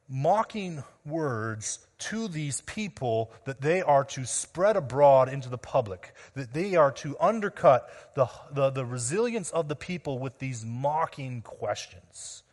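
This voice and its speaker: A man preaching an expository sermon as pastor, earnest, addressing the men and women before him, often dropping quietly at the ends of phrases. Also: fairly high pitch. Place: church sanctuary. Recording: long reverb of a large room.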